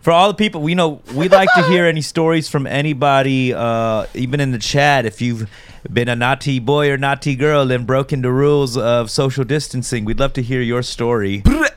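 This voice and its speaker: A man's voice: medium pitch, steady tone, fairly quick, hardly any pauses, clean tone. A man hosting a podcast, teasing and joking with his guests in casual banter. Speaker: podcast host.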